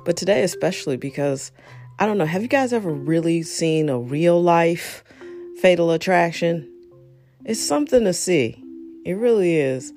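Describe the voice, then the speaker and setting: A woman's voice: fairly low pitch, animated, moderate pace, a little mellow, faint music behind. A woman hosting a podcast in a casual, chatty monologue, confiding and speaking straight to her listeners. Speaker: podcast host.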